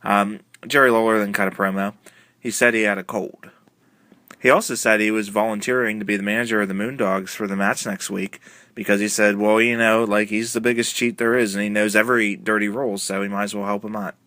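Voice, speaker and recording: A man's voice: lowish voice, steady tone, fairly quick, sharp tone, no echo. A man casually recapping a wrestling TV episode, retelling it in a loose, rambling way full of uh and um. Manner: rambling, filler-heavy retelling with many uh and um. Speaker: wrestling show reviewer.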